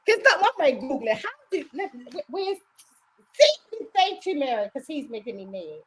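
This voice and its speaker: An older woman with a Baltimore accent, casually chatting and laughing as a podcast co-host, her voice worn down and going hoarse. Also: sits high, moderate pace, noisy background. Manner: laughing, animated, teasing. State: losing her voice. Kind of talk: casual chat.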